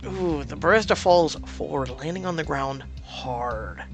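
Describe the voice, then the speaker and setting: A woman reads a story game aloud at an unhurried pace, her pitch rising and falling widely, and she drops in chatty asides of her own. Light music runs quietly in the background. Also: expressive. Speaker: gameplay narrator.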